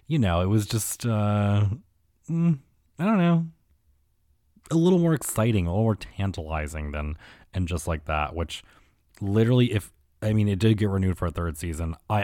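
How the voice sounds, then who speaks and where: A man's voice: low voice, darkish tone, no room sound, clean studio sound. A young man hosting a show, ranting casually and crudely with lots of filler words. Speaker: commentary podcast host. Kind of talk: casual comedic rant.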